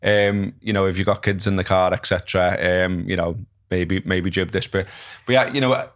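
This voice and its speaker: A man with a fairly low voice co-hosts a laid-back podcast. He meanders through his points in an easygoing way and drops swear words casually. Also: fairly even intonation, moderate pace. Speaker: podcast co-host.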